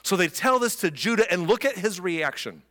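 A man's voice: sits high, animated, normal speed, a bit bright. A man preaching a sermon, retelling scripture in a conversational, wry way. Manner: conversational, wry, acts out the characters. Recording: long reverb of a large room.

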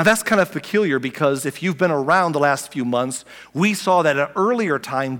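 A man preaching a sermon as a pastor, talking conversationally and dropping from loud to near-whispered. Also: a little high, big-room sound.

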